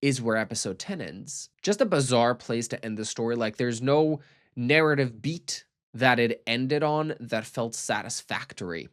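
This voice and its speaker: Guy roasting a tv show in a recap, sarcastic, swears a lot, goes flat then suddenly loud. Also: medium pitch, unhurried. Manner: snarky, profane, mocking; swings from flat asides to sudden loud outbursts. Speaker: TV recap commentator.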